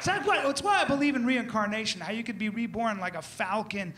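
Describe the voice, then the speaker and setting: Animated man doing stand-up comedy. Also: high-pitched, quick pace. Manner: animated, loud outbursts and acted-out voices. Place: comedy stage before a live audience. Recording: live room with crowd noise.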